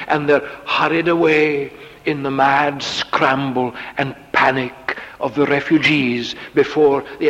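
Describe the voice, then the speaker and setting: A man preaching a Bible exposition in a sermon style, slow and deliberate, turning sharply mocking when he quotes. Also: medium pitch, fairly bright tone, big-room sound. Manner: slow, deliberate, with dramatic sarcastic quoting.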